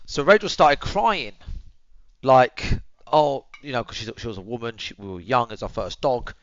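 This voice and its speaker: A man's voice: mid-range voice, sing-song, moderate pace, a bit bright, no echo, dull audio. A young man, telling a story to his viewers in casual chat, swearing freely and calling them boys and bro, muttering asides while he tends his dog. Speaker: streamer.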